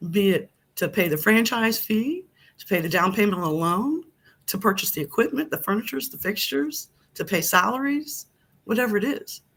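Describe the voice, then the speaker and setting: A woman's voice: medium pitch, moderate pace, a bit bright. A woman guest on a business talk show, confidently and cheerfully explaining financing options. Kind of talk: casual video podcast talk.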